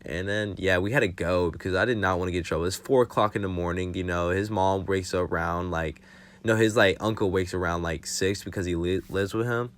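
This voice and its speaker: A man's voice: low-pitched, fairly even intonation, a little fast. A young man telling a casual storytime for his vlog, rambling and swearing freely with lots of fillers. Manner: rambling, profane, full of fillers. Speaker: vlogger.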